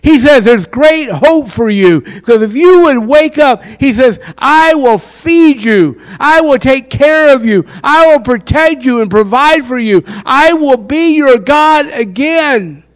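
A man's voice: very high voice, animated, slow, hardly any pauses. A man preaching a sermon, impassioned and quizzing his listeners with questions. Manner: impassioned, asks the crowd questions.

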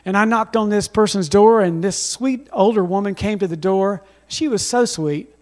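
A man's voice: sits high, normal speed, a little mellow. A man preaching a sermon as pastor, telling stories with emphasis and calling on the congregation to respond.

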